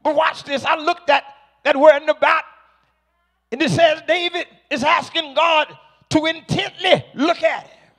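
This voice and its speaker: A man preaching a sermon to a congregation, slow and emphatic, rising to shouted peaks. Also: extremely high pitch, fairly even intonation.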